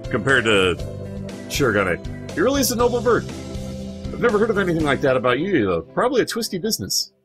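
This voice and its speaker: A young man narrating a visual novel let's-play, reading the story aloud in a joking way and swearing casually. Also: medium pitch.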